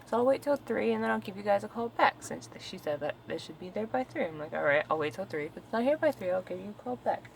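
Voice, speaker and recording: A woman's voice: mid-range voice, lively intonation, quick pace, creaky, few pauses, slight background noise, low-quality recording. A woman vlogger telling a story at home in a casual, exasperated, profane venting rant.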